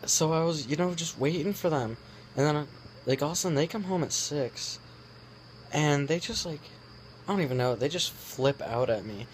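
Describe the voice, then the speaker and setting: A man's voice: fairly high pitch, normal speed, slight background noise. A teenage boy ranting casually to camera, irritated, swearing and rambling with lots of fillers. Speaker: vlogger.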